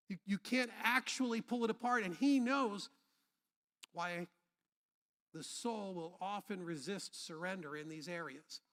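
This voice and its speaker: Bright, high-voiced man preaching in a reverberant hall. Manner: humorous, conversational preaching with audience call-and-response. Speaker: pastor. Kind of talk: sermon. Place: church sanctuary.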